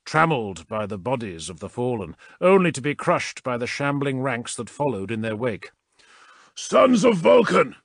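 Male narrator for an action audiobook, lively pitch, dry close sound. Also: no room sound. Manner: dramatic, expressive reading. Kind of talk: scripted narration.

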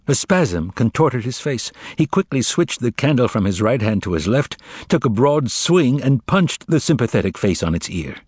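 Male audiobook narrator, lively expressive reading, dry close sound. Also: medium pitch, moderate pace, husky, no room sound.

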